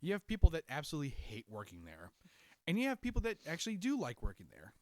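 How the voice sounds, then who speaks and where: A man co-hosting a podcast in casual chat, telling stories in an animated way and laughing often. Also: fairly high pitch, quick pace, dry recording. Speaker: podcast co-host.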